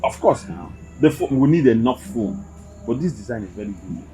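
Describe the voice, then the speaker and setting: A man's voice: medium pitch, very animated, moderate pace, warm tone, soft background music, lightly acted, poor audio. An actor playing a plain-spoken workman, speaking Nigerian English. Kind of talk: Nollywood film acting.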